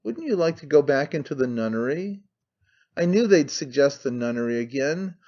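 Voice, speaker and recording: A man's voice: on the high side, animated, moderate pace, darkish tone, muffled recording, natural voice. A male audiobook reader voicing a troubled, half-mad woman who speaks anxiously and turns scornful. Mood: fearful. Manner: anxious, brooding, turning scornful.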